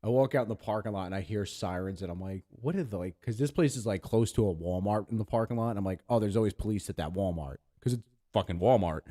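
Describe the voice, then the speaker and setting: A man's voice: lowish voice, fast, hardly any pauses, mellow. Rambling, profane man telling a story. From Pennsylvania, USA. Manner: rambling, profane, acts out voices in his stories. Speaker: podcast co-host. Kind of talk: casual storytelling chat.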